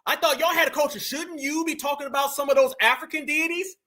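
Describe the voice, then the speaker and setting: A man giving mocking reaction commentary on a video clip, emphatic and shouting at times. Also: extremely high pitch, steady tone, quick pace.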